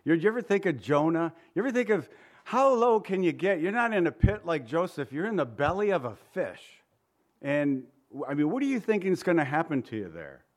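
A pastor preaching a sermon, reading scripture in old-fashioned wording and asking the congregation conversational questions. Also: male voice, a little high, big pitch swings, brisk.

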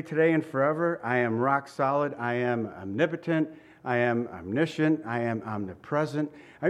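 A man preaching a sermon with emphatic repetition and light asides, now and then chuckling. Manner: emphatic, repeats phrases, shifts pitch for quoted lines.

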